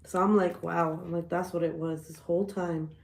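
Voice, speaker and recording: Profane, animated woman with a gravelly voice. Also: fairly low pitch, moderate pace, reverberant. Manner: profane, animated storytelling, laughs often. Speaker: livestream host. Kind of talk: casual livestream chat.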